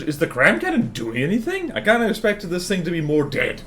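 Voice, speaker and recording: A man's voice: sits high, huge pitch swings, brisk, a bit bright, soft background music. A man live-streaming a building game, chatting with his viewers and thinking aloud in a playful, self-mocking way.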